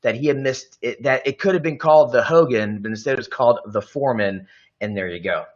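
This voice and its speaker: A man's voice: mid-range voice, fast talker. Rambling male podcast host, muffled sound. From Tampa, Florida area. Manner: rambling storyteller, hedging with "I believe" and "uh". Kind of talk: casual chat.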